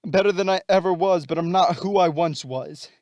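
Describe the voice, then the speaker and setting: A man's voice: on the high side, moderate pace, a little mellow, no room sound, muffled recording, close to an everyday voice. A man voicing an angry electrified male villain while retelling a story, in a casual, barely changed voice. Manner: casual, barely acted quoting.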